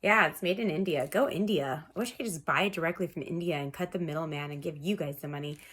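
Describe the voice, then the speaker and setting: A woman's voice: deep voice, fast, a bit bright, breathy edge. A woman in her thirties giving a casual tarot reading at home, chatty and rambling, laughing often and talking to viewers like friends. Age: 30s. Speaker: tarot reader.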